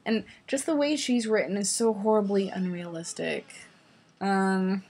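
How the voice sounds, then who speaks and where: A young woman talks through a book chapter in a loose, ranting vlog. Her voice is breathy and a little husky, at a middle pitch. She sounds exasperated and sarcastic, swears freely and fills her talk with "like.". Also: steady tone, a little slow, a little mellow. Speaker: vlogger reading and reviewing a book. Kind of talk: casual ranting book review.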